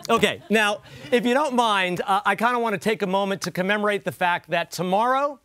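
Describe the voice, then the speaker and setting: A man's voice: high voice, brisk, fairly bright tone. A man hosting a comedy news show, delivering a wry, joking monologue and quoting others with mock emphasis. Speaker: host.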